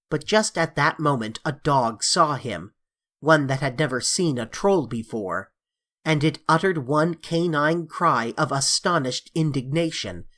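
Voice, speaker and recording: Measured audiobook narrator reading fantasy. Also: mid-range voice, fairly bright tone. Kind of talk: scripted narration of a classic fantasy novel.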